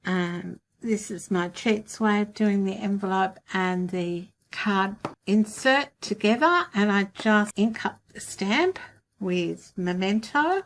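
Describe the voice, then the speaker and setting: A woman hosting a craft tutorial, calmly and practically talking through each step of a demonstration. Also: medium pitch, slow pace.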